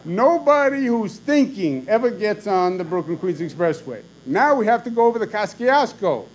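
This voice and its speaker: A man's voice: high voice, very animated, normal speed, slight background noise, voice pushed up. A man voicing a hot-tempered older man who lectures in an exasperated, emphatic way.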